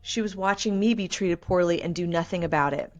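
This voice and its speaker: A woman speaks as a guest on a podcast, sharing a personal story. Her voice sits somewhat low. She talks in an earnest, measured way. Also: highs cut off, faint music behind.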